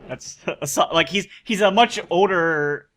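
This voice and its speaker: A man playing in a tabletop game, rambling through excited tangents in a casual chat on a remote home mic. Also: high voice, unhurried.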